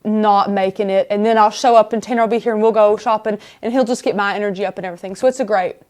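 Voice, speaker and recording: A woman's voice: mid-range voice, steady tone, quick pace, darkish tone. A woman hosting a casual craft live stream, chatty and rambling as she talks viewers through the steps.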